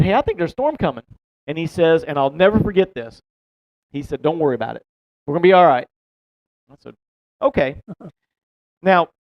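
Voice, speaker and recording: A man's voice: high voice, dry recording. A man telling a long fishing story in a casual, rambling way, laughing and swearing as he goes. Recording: dull, dry close-mic sound.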